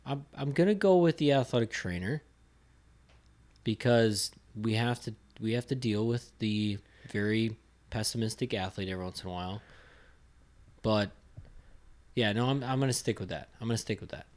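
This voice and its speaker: Casual co-host, man, lower voice, easygoing and chatty. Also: normal speed. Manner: relaxed, laughs often, restarts sentences. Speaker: podcast co-host. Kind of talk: casual chat.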